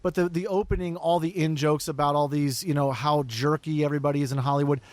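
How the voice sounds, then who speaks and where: A man's voice: fairly high pitch, fairly even intonation, fast talker. Rambling man in his forties. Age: 40s. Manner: rambling, lots of fillers. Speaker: podcast host. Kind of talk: casual chat.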